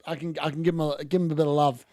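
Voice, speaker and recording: A man's voice: fairly high pitch, little pitch movement, very fast, warm tone, dry recording, clean studio sound. A man hosting a football watch-along, chatting casually and bluntly over live play with mild swearing. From Australia. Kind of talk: casual live match commentary.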